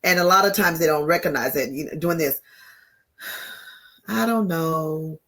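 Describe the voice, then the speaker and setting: A woman guest, a grief counselor, calmly explaining grief in conversation. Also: sits low, moderate pace, husky. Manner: calm, affirming, explains with a teacher's patience.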